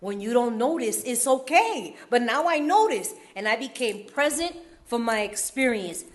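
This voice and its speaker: A woman from California tells her recovery story to a meeting crowd in loose street slang. Her voice sits high. She jokes her way through hard moments and breaks into laughter often. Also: lively intonation, moderate pace.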